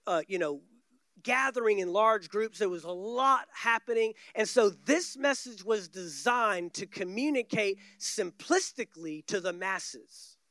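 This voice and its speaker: Emphatic high-voiced male preacher. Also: animated, measured pace, sharp tone, no room sound. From United States. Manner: emphatic, repeats key words for stress. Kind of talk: sermon. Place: church stage.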